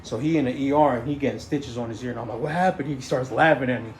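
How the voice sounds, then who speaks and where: A fast-talking, medium-pitched man rambles through a casual story, stumbling over words and restarting. "You know what I'm saying" comes up over and over, and the room is echoey with faint noise.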